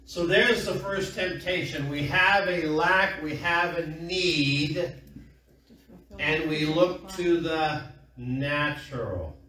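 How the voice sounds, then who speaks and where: A middle-aged man preaches in a chatty, folksy storytelling style, drawing call-and-response from a small congregation. His voice is bright and sits a little high for a man. He is heard from some distance in a small room with heavy echo. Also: takes it slowly. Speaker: pastor. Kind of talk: sermon. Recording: echoey room from far off.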